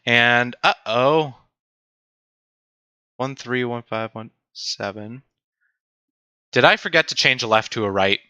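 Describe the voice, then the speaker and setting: Excitable young male tutor, bright voice. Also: medium pitch, slow, pauses often, smooth, dry recording. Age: young adult. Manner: animated, self-mocking, talks to chat. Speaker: teaching assistant. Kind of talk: livestreamed programming tutorial.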